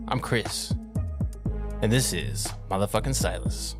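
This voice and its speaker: A man's voice: medium pitch, lively intonation, over music. A man hosting a weekly movie podcast, opening the show and then chatting with guests. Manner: measured, laughs often. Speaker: podcast host. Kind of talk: podcast intro and casual chat.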